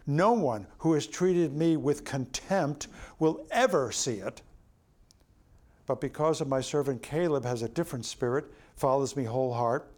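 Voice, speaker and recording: A man voicing God as a stern male deity pronouncing judgment, in a slow, solemn, lowered voice. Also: expressive, darkish tone.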